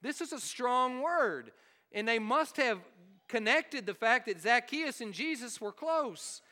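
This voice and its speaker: A man's voice: very high voice, lively intonation, a little slow, sharp tone, big-room sound. A man preaching a sermon, emphatic and questioning his congregation. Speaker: pastor.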